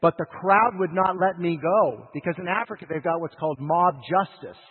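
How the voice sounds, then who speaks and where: A man preaching a sermon in a husky voice, telling a story with emotional swings between loud urgency and hushed lows, heard over a tinny radio broadcast. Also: moderate pace. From United States. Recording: tinny radio broadcast with long hall reverb.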